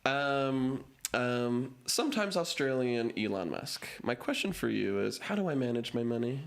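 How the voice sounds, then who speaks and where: Man, improv host, gravelly, lively pitch, loose filler-heavy talk. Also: a little slow. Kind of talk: casual hosting of an improv game.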